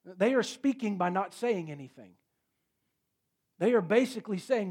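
A man with a high-pitched voice preaching a sermon. He tells the story with animated energy, rising loud and then dropping to a near hush for emphasis. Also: normal speed, slightly rough. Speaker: pastor.

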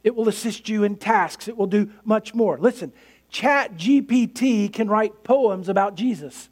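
A man's voice: sits high, a little slow, darkish tone. A male pastor preaching a sermon in an earnest, emphatic way, building points through repetition.

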